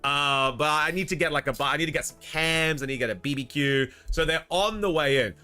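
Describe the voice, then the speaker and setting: A man's voice: a little high, brisk, pushed and bright, clear, resonant tone, faint music behind. A young Australian man with an Australian accent, chatting casually on a livestream, rambling and reading out chat messages. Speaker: streamer.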